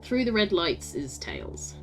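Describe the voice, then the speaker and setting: A woman's voice: fairly low pitch, wildly swooping pitch, slow pace, faint music behind. A woman streaming a story game, chatting with her viewers, laughing often and swearing casually.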